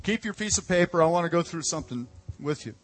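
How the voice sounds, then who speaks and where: A male pastor preaching a lively, conversational sermon, calling out to the congregation. His voice is high for a man. It rings with a long echo in a church hall. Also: quick pace, slight background noise. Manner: energetic, conversational preaching with call-outs. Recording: echoey hall.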